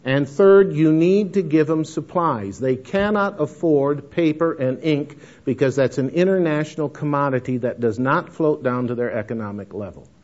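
A man's voice: a little high, normal speed, few pauses, darkish tone. A man giving a missions lecture with anecdotes, folksy and emphatic, calling his listeners folks. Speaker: missions speaker. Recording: dull lo-fi lecture recording.

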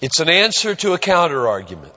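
Preaching earnestly and emphatically, a male pastor leans on long pauses while his high, animated voice swoops up and down. It's a sermon captured in a church sanctuary, the sound muffled and dull with long reverb.

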